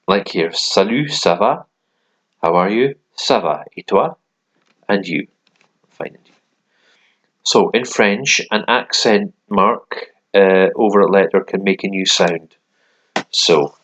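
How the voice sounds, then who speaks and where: A man's voice: low-pitched, fairly bright tone. A man talking through a language lesson in a casual, hesitant way, with many ums and restarts. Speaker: language learner.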